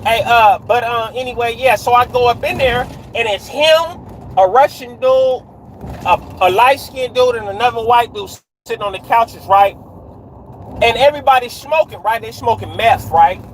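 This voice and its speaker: A man's voice: very high voice, normal speed, a little hiss or hum, low-quality recording. A man livestreaming from his car at night, telling a story in street slang and checking in with viewers. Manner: street slang, frequent "right?" tags, greets viewers mid-story. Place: inside a car on a dark road at night.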